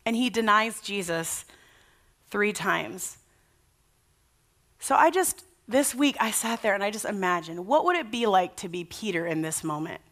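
A woman's voice: mid-range voice, lively intonation, normal speed, pushed and bright. A woman pastor preaching a sermon in a casual, conversational way, acting out the people in the story with energy. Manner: conversational and enthusiastic, acts out quotes.

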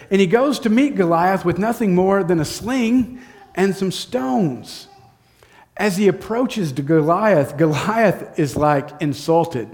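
A man teaching from the Bible, telling the story in a casual, lively way and acting out the quotes. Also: high voice. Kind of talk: storytelling sermon.

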